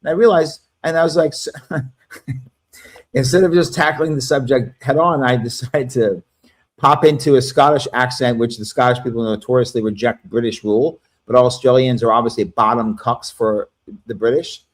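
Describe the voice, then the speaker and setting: A man chatting on a livestream panel, rambling and profane as he tells stories in a casual, animated way. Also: mid-range voice, moderate pace. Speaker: panel guest.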